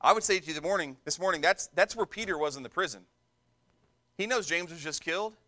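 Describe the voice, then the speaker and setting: A man's voice: fairly high pitch, fast talker, bright, forceful tone. A male pastor preaching a sermon in an emphatic way, repeating words for stress.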